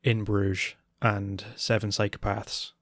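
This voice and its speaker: An easygoing man co-hosting a casual podcast, mostly chiming in with short agreeing replies. His voice is lowish, and the recording is dry and close. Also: flat delivery, slow, a bit bright, no echo. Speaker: podcast co-host. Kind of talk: casual chat.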